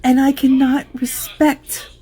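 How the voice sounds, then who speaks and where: Woman, personal vlog, earnest, hurt, emphatic, slightly high voice. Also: monotone, slow, mellow.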